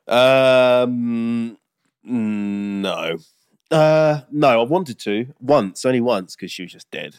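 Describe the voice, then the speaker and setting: A young man co-hosting a podcast in casual banter, blunt and quick to laugh. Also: medium pitch, smooth, dry recording. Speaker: podcast co-host.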